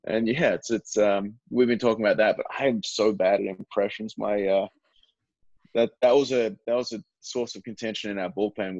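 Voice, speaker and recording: A man's voice: fairly low pitch, no room sound, lo-fi sound. A young Australian man chatting as a guest in an interview, rambling with lots of fillers and restarts. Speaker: baseball relief pitcher, guest. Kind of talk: casual interview chat.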